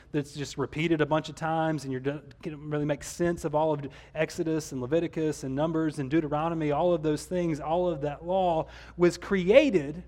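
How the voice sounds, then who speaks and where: A man's voice: fairly high pitch, mellow. A man pastor preaching a conversational sermon, with some restarts along the way.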